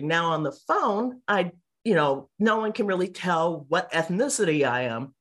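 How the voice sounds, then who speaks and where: Middle-aged lady chatting in an interview, animated, does little voices for people in her stories. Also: fairly low pitch, normal speed. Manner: animated, mimics people in quotes. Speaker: interview guest. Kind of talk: casual storytelling interview.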